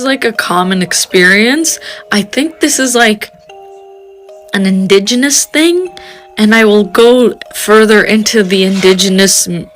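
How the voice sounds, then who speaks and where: Young woman, lowish voice, rambling ghost-story telling, faint music underneath. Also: a bit bright. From Canada. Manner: rambling, lots of fillers and restarts. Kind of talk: casual storytelling.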